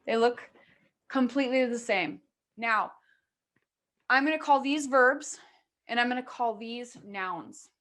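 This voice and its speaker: Slow, patient woman teaching pronunciation. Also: on the high side, a bit bright. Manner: patient, explains step by step, checks with "okay?". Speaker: English teacher. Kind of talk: classroom pronunciation lesson.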